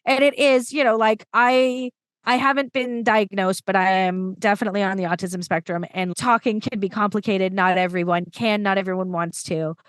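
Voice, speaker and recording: A woman storytelling coach chatting as a podcast guest, lively and enthusiastic with quick asides. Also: medium pitch, smooth, no echo. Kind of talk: casual conversation.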